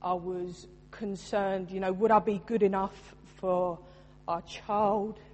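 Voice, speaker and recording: A woman's voice: medium pitch, steady tone, slow, darkish tone. Earnest woman preaching in reverb. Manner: earnest, personal, emphatic preaching. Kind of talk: sermon. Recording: long reverb in a large room.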